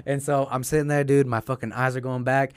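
A man's voice: mid-range voice, brisk, smooth, no room sound. A young man in casual podcast chat, telling a story with lots of swearing and acted-out quotes. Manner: animated storyteller, acts out quotes, swears often, laughs.

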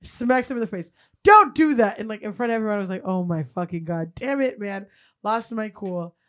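A young woman co-hosting a podcast, telling a profane, animated story and acting out what people said. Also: medium pitch, brisk. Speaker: podcast co-host. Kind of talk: casual comedic storytelling.

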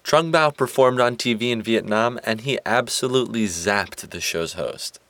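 A man's voice: mid-range voice, normal speed, a bit bright, no echo. Man narrating with playful emphasis. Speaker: host and narrator. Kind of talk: scripted narration.

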